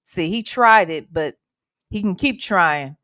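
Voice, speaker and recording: A woman's voice: on the low side, lively intonation, takes it slowly, a bit bright, dry recording. A woman hosting a casual livestream, sassy and playful, greeting her viewers by name. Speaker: livestream host.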